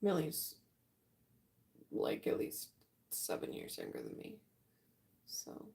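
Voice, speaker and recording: Slow, gravelly young woman chatting on stream. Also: very deep voice. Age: late 20s. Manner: relaxed, chatty, yawning often, answers chat. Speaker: livestream artist. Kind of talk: casual chat with viewers while painting. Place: art room at home.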